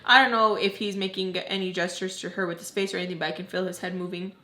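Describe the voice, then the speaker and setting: A woman's voice: on the low side, fairly even intonation, fast, pushed and bright. Candid young woman telling a storytime. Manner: candid, heavy use of "like". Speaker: vlogger. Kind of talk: emotional storytime. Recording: roomy echo.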